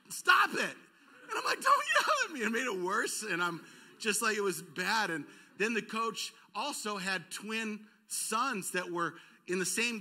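A man pastor delivers a storytelling sermon in a church with a high, very bright and ringing voice. He is self-deprecating and animated, acting out the shouts and cries of the people in his story. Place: church auditorium.

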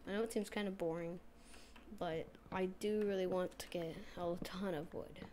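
A woman's voice: on the low side, fairly even intonation, moderate pace, noisy background. A woman giving rambling, casual commentary as she plays a game, chatting away and talking to the animals she meets. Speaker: gameplay streamer.

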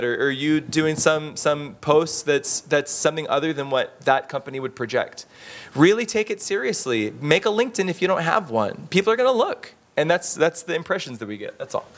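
A man speaking on a conference panel in a casual, animated way, with frequent restarts and fillers. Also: a little high.

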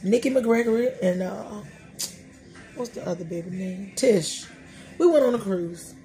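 A woman's voice: mid-range voice, a little slow, warm tone, faint music behind. A middle-aged woman hosting a podcast, sharing faith talk in a colloquial, joking, storytelling way. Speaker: podcast host.

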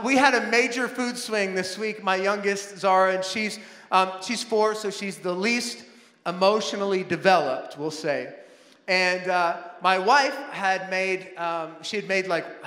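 A man in his thirties preaching a sermon in a church, animated, acting out family scenes with bursts of shouting. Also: sits high. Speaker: pastor. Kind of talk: sermon with storytelling. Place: large church auditorium. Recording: echoey hall with long reverb.

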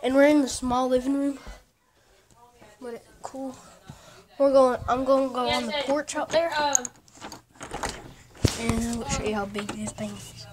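A woman's voice: high-pitched, fairly even intonation, a little slow, long pauses, a little mellow. A teenage girl rambling casually through a tour of her home, with distracted asides, recorded on a handheld phone. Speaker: vlogger. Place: house, walking through rooms and outdoors. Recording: noisy home video.

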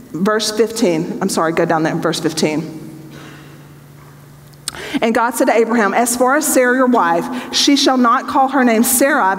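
A woman with a fairly high voice teaches a Bible study, reading scripture and then breaking it down in a lively, joking tone. Her voice carries a long reverb that rings through a large hall. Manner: reads scripture aloud, then explains in a chatty, joking way.

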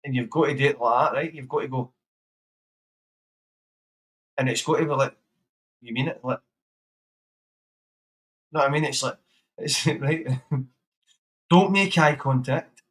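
A man's voice: mid-range voice, measured pace, long pauses, fairly bright tone, low-quality recording. A man hosting a livestream, chatting casually, swearing and laughing as he hands out blunt advice. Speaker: livestream host.

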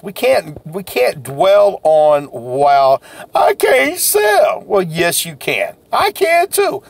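Man, folksy sales coach, high lively voice, gravelly edge. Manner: folksy, animated, self-deprecating. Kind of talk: motivational vlog talk.

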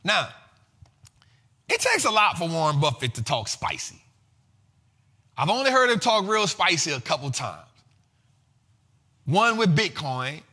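Bright-voiced, slangy finance host man. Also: on the high side, unhurried, long pauses, breathy edge. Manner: slangy, animated, laughs often. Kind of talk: casual finance commentary.

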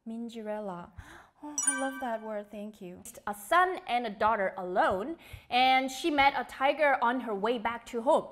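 Young woman, high voice, giggly and chatty, live-stream host reading comments. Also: normal speed, a bit bright. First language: Korean. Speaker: host of a live quiz show.

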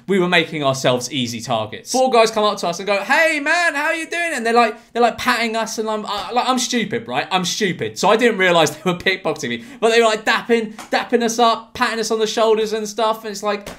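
A man's voice: high-pitched, expressive, fast, few pauses, fairly bright tone. Sarcastic sweary man. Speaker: commentary YouTuber. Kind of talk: reaction commentary.

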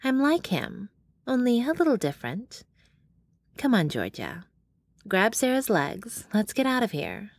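A woman's voice: on the high side, wildly swooping pitch, unhurried, no room sound, voice pushed up, exaggerated voice. A woman voicing a motherly older bear-shifter woman who speaks bluntly and calls people honey.

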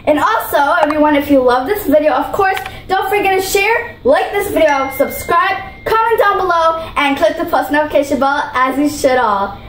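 A woman's voice: high voice, normal speed, few pauses, a bit bright, echoey room, a little hiss or hum, poor audio. A female vlogger talking in a bubbly, gushing way while she taste-tests food, repeating her praise. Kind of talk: food challenge vlog.

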